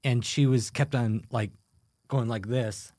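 Laughing, animated male podcast guest. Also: mid-range voice, a little slow. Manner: animated storyteller, laughs often. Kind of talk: casual chat.

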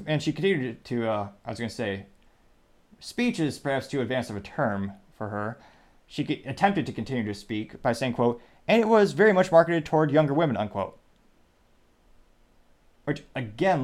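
A man at a middle pitch hosts his own show, talking through an opinionated commentary. His delivery is sarcastic and dismissive. He rambles and keeps breaking off to restart his thoughts. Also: sing-song, moderate pace, a little mellow. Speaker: podcast host.

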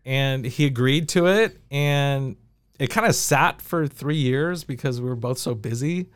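A man who is a podcast guest, telling animated stories in a casual interview and often laughing. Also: mid-range voice, a little slow, clear, resonant tone, dry recording. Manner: animated anecdotes with frequent laughs.

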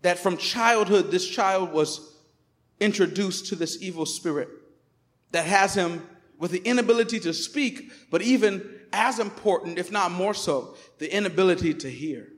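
High-voiced preacher man in a reverberant church. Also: normal speed. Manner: emphatic preaching, swinging from loud proclamations to quiet asides. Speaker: pastor. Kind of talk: sermon. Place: church sanctuary.

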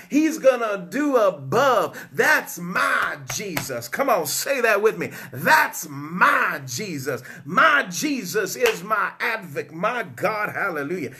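A man's voice: high voice, sharp tone, husky. A man preaching a fervent live-streamed sermon, whooping and repeating his key phrases, greeting viewers by name. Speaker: online preacher.

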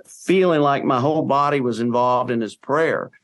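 A man's voice: medium pitch, moderate pace. A man, a podcast guest, telling a personal story in an earnest, conversational way with plenty of fillers and restarts.

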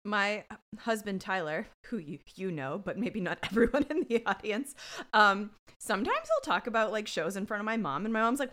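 Bright, lively woman in her thirties. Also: mid-range voice, fairly quick. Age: 30s. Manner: wry, joking, swears casually. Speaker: podcast co-host. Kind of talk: casual chat.

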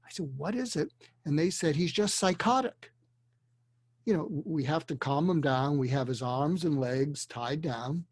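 An older man, a psychiatrist, telling a story earnestly and deliberately, dropping to a hush for emotional moments. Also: a little high, husky, dry recording. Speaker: guest, psychiatrist. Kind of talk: storytelling in a conversation. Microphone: video call.

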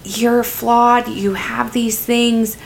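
A woman's voice: a little high, level tone, drawn-out words, gravelly, a little hiss or hum. A woman co-hosting a casual faith talk, speaking in an earnest, reflective way and often trailing off mid-thought. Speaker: co-host.

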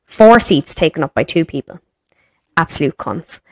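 Ranting low-voiced Irish woman. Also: lively intonation, moderate pace, no room sound. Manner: exasperated, sweary ranting. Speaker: podcast co-host. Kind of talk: casual chat.

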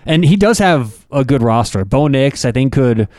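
A man's voice: mid-range voice, lively intonation, normal speed, darkish tone, no echo, clean studio sound. A man co-hosting a casual sports talk show, loose and rambling with plenty of fillers. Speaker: co-host.

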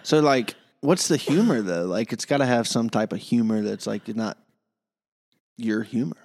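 A man's voice: medium pitch, moderate pace, a little mellow. A man co-hosting a podcast in casual chat, talking in a teasing, offhand way with short interjections. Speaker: podcast co-host.

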